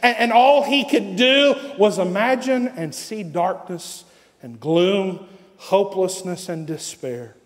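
A male pastor preaching a sermon with dramatic pauses and repeated phrases. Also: sits high, big-room sound.

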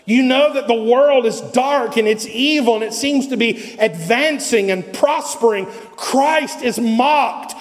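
A male pastor preaching a sermon with dramatic pauses and repeated phrases. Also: very high-pitched, in a large hall.

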